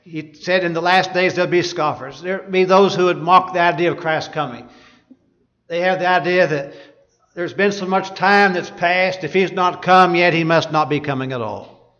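During a sermon, a man reads passages of scripture and asks his listeners rhetorical questions at normal speed. His high-pitched voice has a fairly bright tone, and the sound is dull lo-fi.

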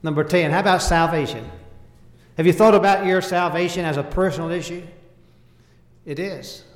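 The sermon moves at a moderate pace, the preacher's fairly high voice echoing in a large hall with a long reverb tail. He speaks in brief, earnest, emphatic phrases that grow louder and softer, adopting King James phrasing for scripture.

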